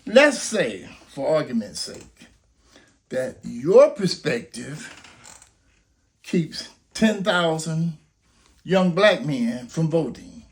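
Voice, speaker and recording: A man's voice: fairly high pitch, very animated, very slow, pauses often. An older man making an impassioned, preacher-like appeal, full of rhetorical questions and story scenarios. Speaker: grandfather urging people to vote.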